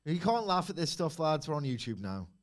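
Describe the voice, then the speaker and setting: A man's voice: fairly high pitch, very animated, fairly quick. A man co-hosting a podcast in casual banter, dry and mock-serious. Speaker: podcast co-host.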